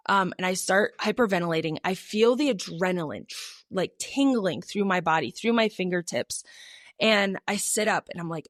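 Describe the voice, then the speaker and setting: A woman's voice: lowish voice, moderate pace, dry recording, studio quality. Chatty young woman telling a story. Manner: chatty, many fillers, laughs often. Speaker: podcast co-host. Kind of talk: casual storytelling.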